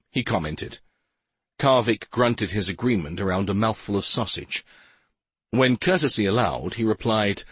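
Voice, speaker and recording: A man with a low, husky voice narrating a dark fantasy audiobook. His delivery is lively and dramatic, rising and falling with the story, recorded dry and close in a studio. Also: moderate pace, dry recording. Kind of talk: scripted narration. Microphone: close studio mic.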